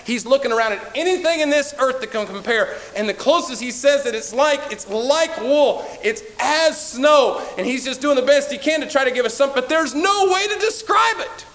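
A man preaching a sermon as pastor, talking in a folksy way that swings from quiet asides to shouted appeals and acts out everyday voices. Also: very high voice, expressive, quick pace, few pauses, low-quality recording.

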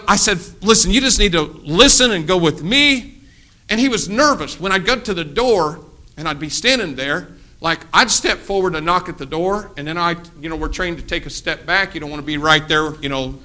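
A middle-aged man preaching a sermon, telling a story with acted-out voices and swinging between loud bursts and hushed asides. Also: high-pitched.

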